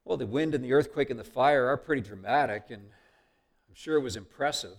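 A man's voice: medium pitch, a little fast. Earnest man preaching a sermon. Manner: earnest, conversational, swings from loud to hushed. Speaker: pastor.

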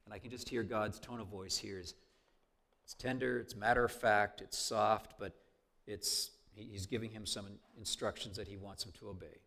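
A man preaching a sermon as pastor, earnest and conversational, swinging between raised emphasis and hushed softness. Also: fairly low pitch, steady tone, moderate pace, creaky.

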